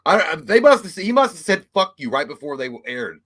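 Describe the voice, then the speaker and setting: Fast-talking, bright-voiced man joking crudely. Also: fairly high pitch, sing-song, husky. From Kentucky. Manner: quick, crude, joking banter. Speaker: co-host of a movie talk livestream. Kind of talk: casual chat.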